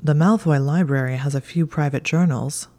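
A woman voicing a calm, protective young wizard in a low, soothing murmur, as whispered role-play. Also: moderate pace, natural voice.

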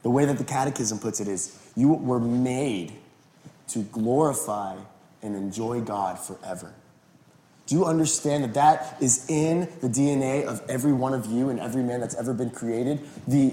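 A male pastor giving a sermon in an animated, conversational way. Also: mid-range voice, normal speed. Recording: roomy echo.

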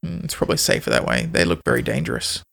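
A woman's voice: rumbling low, wildly swooping pitch, racing, vocal fry, a bit bright, breathy edge. An Australian woman co-hosting a podcast, chatting in a playful, rambling way. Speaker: podcast co-host. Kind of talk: casual chat.

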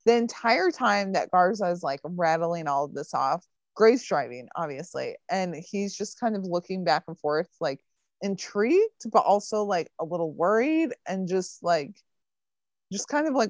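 A woman's voice: on the low side, expressive, normal speed, no echo. A woman casually recapping a TV episode for a podcast, chatty and full of fillers.

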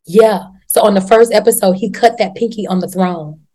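A woman hosting a casual chat, recapping a TV show in a slangy, profane, animated way and acting out the characters. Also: medium pitch, normal speed.

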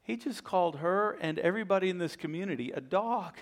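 A man preaching a sermon as a pastor, telling a story with animated, acted-out voices and repeated words when excited. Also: high voice, a little fast.

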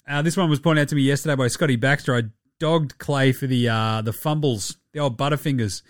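A man hosting a casual sports podcast, animated and jokey, swearing freely. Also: medium pitch, fairly quick, dry recording, clean studio sound. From Australia. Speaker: podcast host.

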